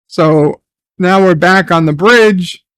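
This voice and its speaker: A man's voice: sits high, slow, a bit bright. A man recapping and reviewing a TV episode in casual, sarcastic commentary, swearing and trailing off into restarts.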